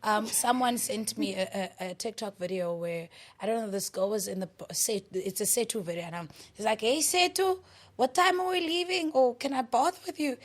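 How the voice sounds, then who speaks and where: A woman's voice: mid-range voice, brisk, hardly any pauses, darkish tone. A South African woman co-hosting a podcast in casual chat, laughing often and dropping in Afrikaans and Xhosa words. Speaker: podcast co-host.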